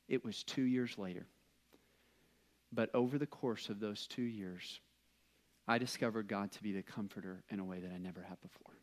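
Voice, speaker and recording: A young adult man, a pastor, preaching a sermon as an earnest personal story, often restarting his words. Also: fairly low pitch.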